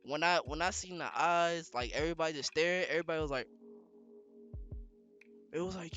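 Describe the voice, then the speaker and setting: A young man casually telling a story on a podcast, slangy and animated, with lots of fillers. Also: on the high side, fairly quick, soft background music. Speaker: podcast co-host.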